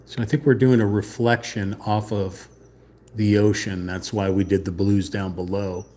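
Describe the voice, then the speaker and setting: Brief: male live-stream host, low and mellow, slow drawl, sarcastic rambling chat. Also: little pitch movement. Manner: sarcastic, rambling, mock-indignant. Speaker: channel host. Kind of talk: casual live-stream chat while painting.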